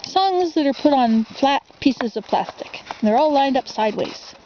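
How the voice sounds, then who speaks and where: A woman's voice: high voice, expressive, unhurried, muffled recording, noisy background. A woman casually reading a children's storybook for ASMR, rambling into asides and asking the listener questions.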